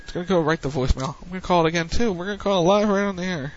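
A man's voice: high voice, very fast, muffled recording, slight background noise. A man hosting a casual online wrestling radio show, joking loosely and plugging upcoming shows.

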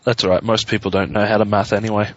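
A man's voice: on the low side, level tone, fast, no echo. A man from Australia co-hosting an online talk show, teasing and sardonic. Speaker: radio show co-host. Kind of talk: casual talk radio banter. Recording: dull lo-fi online call audio.

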